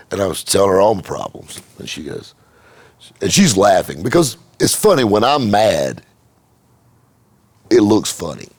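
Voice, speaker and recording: Gravelly low-voiced man rambling. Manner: rambling with repeated "just" and profanity. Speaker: car dealer and channel host. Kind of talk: casual storytelling monologue.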